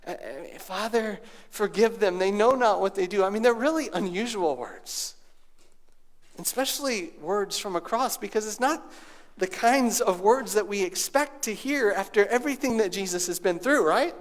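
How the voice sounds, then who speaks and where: High-voiced pastor preaching with hushed swings. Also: male voice, animated, normal speed. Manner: dramatic swings from hushed near-whisper to raised preaching. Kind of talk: sermon. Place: church sanctuary.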